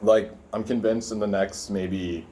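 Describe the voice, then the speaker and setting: Young male vlogger, lowish voice, loose profane rambling with food in hand, casual bedroom chat. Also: steady tone, a little slow, warm tone, a little hiss or hum. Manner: rambling, profane, filler-heavy, talking while eating. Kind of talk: casual food vlog with rant. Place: his room indoors.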